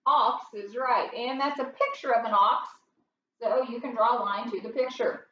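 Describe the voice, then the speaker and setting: A middle-aged woman teaches first grade phonics, spelling out each step in a patient, unhurried way. Her voice sits high, and she sounds distant, with room echo and a dull tone. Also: a bit bright, a little hiss or hum. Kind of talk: phonics lesson. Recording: roomy, distant, dull home recording.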